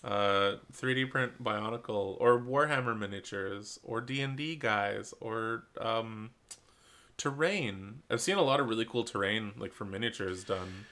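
Bright-voiced young man joking around. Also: on the low side. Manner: jokey, quick, laughs often. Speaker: podcast co-host. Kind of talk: casual chat.

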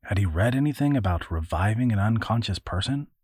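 A man narrating an adventure story in a measured, even audiobook reading. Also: fairly low pitch, breathy edge, no echo, studio quality.

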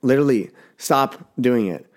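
A man's voice: medium pitch, normal speed. A young man hosting a casual solo podcast, talking bluntly and rambling with swearing, a little sick. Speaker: podcast host.

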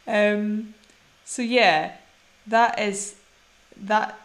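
A woman co-hosting a casual film podcast, talking in a chatty, rambling way and laughing often. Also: mid-range voice. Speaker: podcast co-host. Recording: echoey room.

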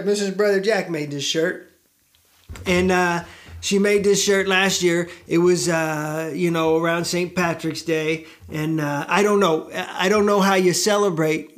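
A middle-aged man from the United States, a show host telling a rambling, self-deprecating story to camera with many fillers and side tracks. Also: a little high.

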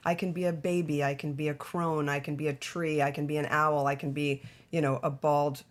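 A middle-aged actress talking about her career as a podcast guest, animated and chatty, often breaking into laughs. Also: low voice, fairly quick. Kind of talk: casual interview chat.

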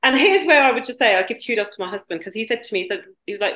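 A woman's voice: medium pitch, racing, few pauses. British woman, 40s, tells a story with lots of energy, roomy sounding mic. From Britain. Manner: animated, emphatic storyteller. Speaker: guest, business founder. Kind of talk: casual storytelling chat. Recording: roomy echo.

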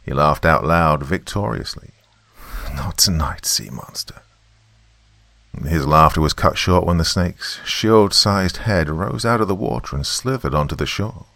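A man giving expressive, scripted narration of a fantasy story. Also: low voice, moderate pace, vocal fry, hardly any pauses, no room sound.

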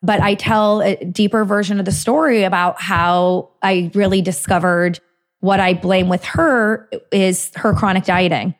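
A middle-aged woman, a dietitian and author appearing as an interview guest, shares a personal story in casual conversation. Her voice is medium-pitched with fairly even intonation and a slightly slow pace. She laughs often and acts out what she used to think.

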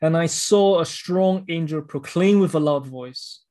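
A man's voice: fairly high pitch, measured pace, a little mellow. A man preaching a sermon, reading scripture and explaining it in an earnest, emphatic way with repeated words.

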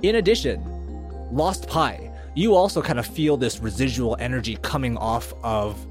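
A man running a tabletop fantasy game as game master, narrating in a playful, animated way. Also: medium pitch, moderate pace, soft background music.

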